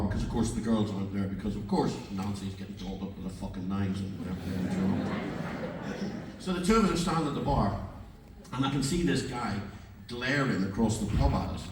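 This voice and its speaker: A man's voice: on the low side, fairly quick, slight background noise. Older man telling a sweary stage story. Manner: swearing, animated storyteller acting out quoted dialogue. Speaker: performing musician on stage. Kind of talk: stage anecdote between songs. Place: live music venue, on stage. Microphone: fan camera far from the stage. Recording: echoey distant live-gig audience recording. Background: crowd and room ambience.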